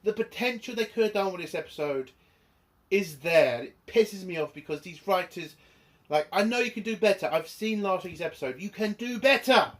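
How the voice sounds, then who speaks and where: A man's voice: sits high, lively intonation, normal speed, a bit bright. A man reviewing a TV episode in an angry, exasperated rant, swearing often. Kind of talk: ranting video review.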